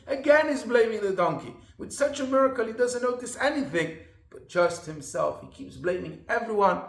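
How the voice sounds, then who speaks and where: A man's voice: high voice, expressive, normal speed, gravelly, fairly bright tone, echoey room. A man rabbi giving a sermon in an earnest storytelling manner with emphatic repetition.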